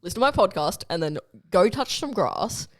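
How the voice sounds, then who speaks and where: Young podcast host: casual, blunt, swears freely, medium pitch. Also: sing-song, moderate pace.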